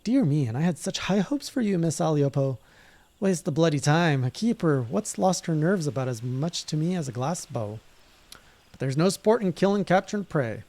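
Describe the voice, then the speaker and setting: A man voicing a rough-spoken, menacing female poacher leader from a game, with coarse dialect speech. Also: on the high side, expressive, normal speed, dark tone, voice pushed up.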